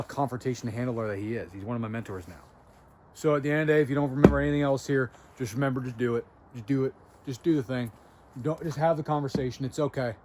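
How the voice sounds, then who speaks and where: A man's voice: medium pitch, noisy background. A young man hosting a self-help video, telling a story from his own working life in a chatty, self-mocking way. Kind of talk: casual storytelling to camera.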